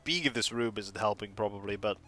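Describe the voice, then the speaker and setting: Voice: low voice, a little fast, fairly bright tone. A streamer giving playful, chatty commentary while playing a cozy life-sim game and reading its text aloud. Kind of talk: casual gameplay commentary.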